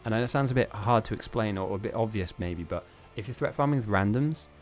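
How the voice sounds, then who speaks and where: A man's voice: on the low side, quick pace, faint music behind. A man hosting a live-streamed game tournament, chatting casually in a rambling, self-mocking way with frequent laughs.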